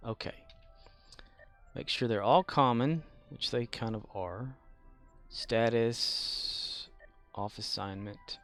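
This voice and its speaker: A man's voice: medium pitch, takes it slowly, long pauses, fairly bright tone, faint music behind. A man casually chatting on a live game stream, muttering to himself and humming along.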